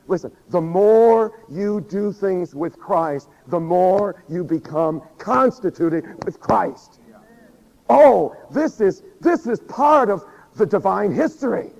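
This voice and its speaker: A man preaching a sermon who acts out prayers and quotes with lively energy, laughing often and saying he is losing his voice. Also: high-pitched. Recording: dull recording with long hall reverb.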